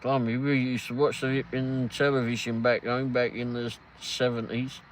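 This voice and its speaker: A man's voice: medium pitch, flat delivery, moderate pace, slight background noise, poor audio. A man in his fifties with an English accent, hosting a casual live stream, rambling and reading chat aloud. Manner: rambling, reads chat aloud, laughs often. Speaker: livestream host.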